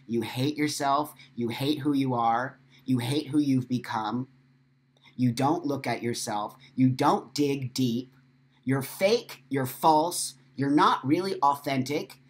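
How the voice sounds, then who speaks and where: A middle-aged man hosting a live stream, speaking in an emphatic, profane and emotional monologue full of repetition. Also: mid-range voice. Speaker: host.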